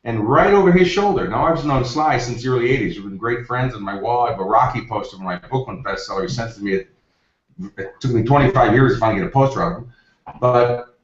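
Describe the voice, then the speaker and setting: Energetic male success coach telling stories. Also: medium pitch. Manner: energetic, anecdotal, acts out quotes. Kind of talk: interview storytelling. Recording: roomy, distant, dull lo-fi.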